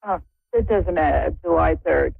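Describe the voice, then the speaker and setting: A woman's voice: sits low, moderate pace, creaky, breathy edge, no echo. A woman, calling in with brief, laughing replies. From Brooklyn, New York. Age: 70s. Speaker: caller. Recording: tinny phone line.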